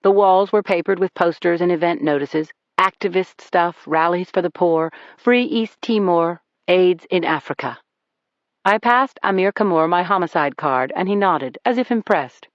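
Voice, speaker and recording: Audiobook narrator, wry first-person thriller read, middle pitch, lo-fi dry recording. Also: moderate pace, dry recording.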